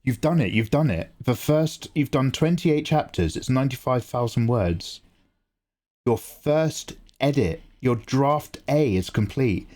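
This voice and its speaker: A live-streaming artist talks to his viewers in a loose, excitable way, his pitch swinging up and down with a lively, bouncy melody. His voice sits at an ordinary middle height for a man, and he swears freely while reading out chat messages. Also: a little slow. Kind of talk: casual livestream chat.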